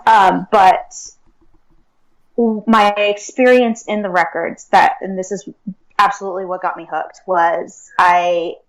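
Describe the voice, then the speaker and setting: A woman's voice: on the low side, fairly even intonation, measured pace, rough recording. A woman speaking as an interview guest, talking earnestly in a casual way with many fillers like "like" and "um". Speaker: guest, akashic records reader and teacher.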